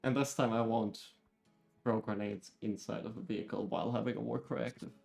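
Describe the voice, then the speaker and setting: A man's voice: fairly low pitch, fairly even intonation, fairly quick, creaky, a little mellow, faint music behind. A man, a game developer, chatting casually on a livestream in an easygoing way. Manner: easygoing, laughing often.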